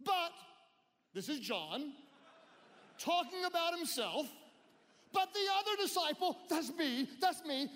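High-voiced animated male preacher. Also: slow pace, long pauses. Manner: animated, leads call-and-response. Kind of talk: sermon. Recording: long hall reverb.

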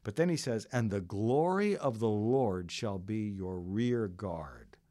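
Lively low-voiced preacher. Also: male voice, slow, no room sound, studio quality. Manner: earnest, storytelling preacher who varies his delivery. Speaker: pastor. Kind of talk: sermon.

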